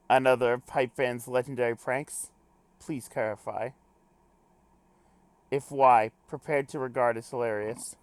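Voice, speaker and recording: A man's voice: mid-range voice, steady tone, a little slow, long pauses, clear, resonant tone, dry recording, lightly acted. Man reading as a stiff, telegraphic adventurer. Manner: clipped telegraphic log-speak, pompous wording. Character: terse, formal male adventurer logging reports.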